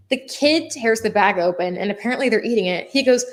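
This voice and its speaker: A woman in casual chat, telling a story in a lively way and acting out the people in it. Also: fairly high pitch, quick pace, few pauses. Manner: animated, acts out quoted people. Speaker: tarot channel host.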